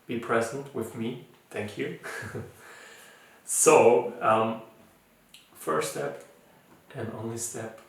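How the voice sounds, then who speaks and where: A man with a non-native English accent, leading a mindfulness challenge as its teacher in an informal, gentle talk full of fillers and restarts. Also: medium pitch, extremely slow, pauses often. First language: not English. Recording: echoey room, voice from far off.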